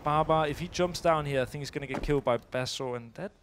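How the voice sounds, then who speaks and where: A man's voice: on the high side, fast talker, noisy background. Chatty man commenting a live esports match. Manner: chatty, laughs easily, thinks aloud mid-sentence.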